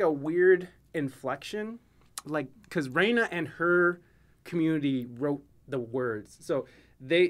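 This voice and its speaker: A man hosting a casual podcast, joking and rambling with lots of laughter. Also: fairly high pitch. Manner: goofy, rambling, jokey with frequent laughs. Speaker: podcast host.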